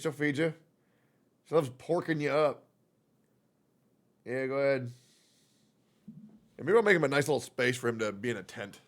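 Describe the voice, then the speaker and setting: A young man streaming from home, chatting casually with his viewers, swearing freely, and cooing in soft baby talk to his cat. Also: on the high side, a little fast, pauses often. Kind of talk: casual live-stream chat.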